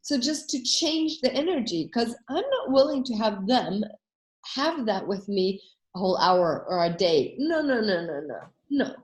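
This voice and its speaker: Woman coach chatting to a group, tells stories, does the voices, pitch jumps all over, echoey room. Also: a little slow. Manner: animated storytelling, acts out quoted voices. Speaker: coach and workshop host. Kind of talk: casual workshop talk with anecdotes.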